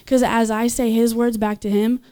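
A young woman giving a casual, enthusiastic sermon, chatting with laughs and fillers and jumping up in pitch when she voices others. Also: moderate pace. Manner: animated, leaps in pitch when voicing others. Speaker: speaker at a church gathering.

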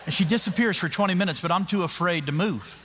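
A man's voice: high voice, quick pace. Male pastor, raised voice, comic sermon storytelling, live hall with long echo and noise. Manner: animated, self-mocking, with frequent restarts. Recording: echoey hall with background noise.

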